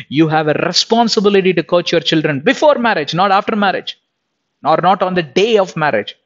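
A man's voice: sits high, fairly quick, fairly bright tone, muffled recording. A man preaching a sermon, impassioned and scolding, often repeating himself as he presses his point.

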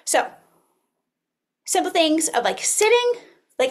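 A woman's voice: sits high, moderate pace. A woman in her thirties presenting an early childhood webinar, acting out classroom dialogue as she teaches. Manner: animated, acts out classroom dialogue.

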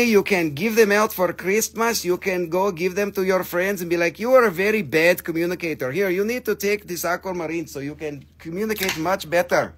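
An American man hosting a casual live sales stream of crystals, animated and swearing, slipping into silly voices. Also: a little high. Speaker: live-sale host.

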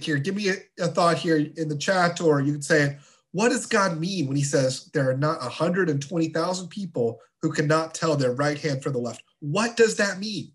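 A man teaching a confirmation class of teenagers in a relaxed, chatty way with playful asides. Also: fairly high pitch, normal speed. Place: church.

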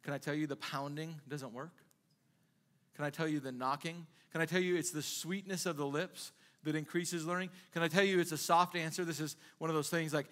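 A man's voice: on the high side, fairly even intonation, a little fast, a bit bright. A male pastor preaching a sermon in a conversational way, asking the congregation rhetorical questions again and again.

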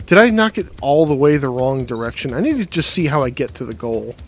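Lively foul-mouthed man gaming. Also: medium pitch, brisk. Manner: swears a lot, frustrated outbursts and muttering. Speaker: gamer playing a game. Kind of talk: casual let's-play commentary.

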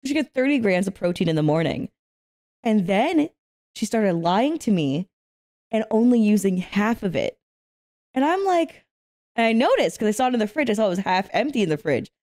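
A young woman hosting an anime reaction video, chatting and telling stories in an animated way, laughing often and swearing freely. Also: medium pitch, moderate pace. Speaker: anime reaction channel host. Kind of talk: casual reaction chat and storytelling.

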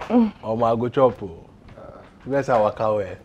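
An actor playing a young Nigerian man who teases his friend, speaking Nigerian English with pidgin, loud and laughing often. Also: medium pitch, very animated, moderate pace, lo-fi sound, lightly acted. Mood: teasing. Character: teasing joking young male friend. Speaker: visiting friend. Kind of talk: film dialogue. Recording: noisy film sound.

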